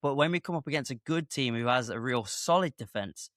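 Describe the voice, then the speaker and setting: A man co-hosting a football podcast, talking through his points in a measured, reasoning way. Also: mid-range voice, expressive, fairly bright tone, no echo, clean studio sound. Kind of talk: casual football chat.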